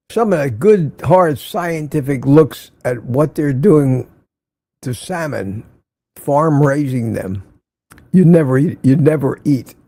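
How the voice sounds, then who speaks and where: Older male livestream host from Central Florida, rambling casual chat, husky and gravelly, dry close sound. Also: mid-range voice, mellow, no room sound. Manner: rambling, reads viewer comments aloud.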